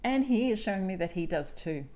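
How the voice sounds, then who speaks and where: A woman hosts a solo podcast in a warm, expressive mid-range voice, speaking briskly. She's candid, confessional and emphatic, swearing often.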